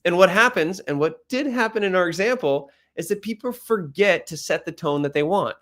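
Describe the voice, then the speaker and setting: Loud and lively, this male speaker delivers an energetic coaching talk about pitching. To emphasize each point, he plays with how fast, how loud and how high he speaks.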